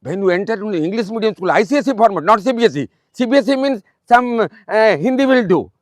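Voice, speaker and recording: Elderly Odia man, high voice, dry. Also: expressive, no room sound. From Odisha, India. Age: 80s. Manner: repetitive, fatherly, pauses with um. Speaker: retired school principal giving a speech. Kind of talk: motivational speech to students.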